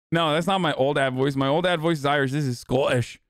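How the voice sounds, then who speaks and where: A man hosting a live stream, reacting to clips in a fast, profane, rambling way. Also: on the high side, no echo, clean studio sound. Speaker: streamer host.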